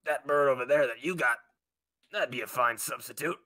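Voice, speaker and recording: A man's voice: mid-range voice, fairly quick, sharp tone, close to an everyday voice. A man voicing a territorial, threatening wolf in a tabletop game. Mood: menacing.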